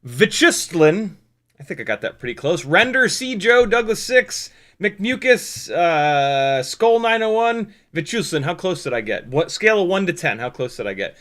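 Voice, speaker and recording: A man hosting a casual live stream, joking around, animated and swearing freely. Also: high voice, moderate pace. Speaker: livestream host.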